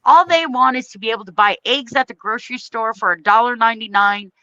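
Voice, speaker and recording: A United States woman running a livestream unleashes a heated political rant, swearing and stressing her points bluntly. Her fairly high voice is fast, pushed, and bright. The audio has no room sound, and the highs are cut off.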